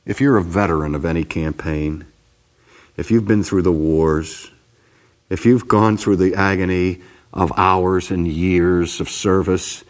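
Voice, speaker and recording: A man preaching a sermon with a dramatic, emphatic delivery that ranges from loud to hushed. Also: deep voice, fairly even intonation, a little slow.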